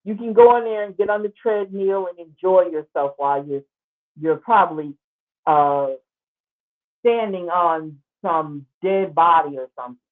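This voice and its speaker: A woman's voice: on the low side, moderate pace. A woman hosting a show, giving casual, sarcastic commentary as she exclaims over pictures. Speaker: show host. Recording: tinny phone-like line.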